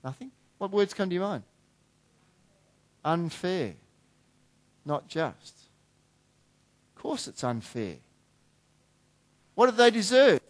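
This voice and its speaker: A middle-aged man preaching a sermon in a conversational way, dropping to quiet asides and rising to emphatic points. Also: sits high, sing-song, takes it slowly, long pauses. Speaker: pastor.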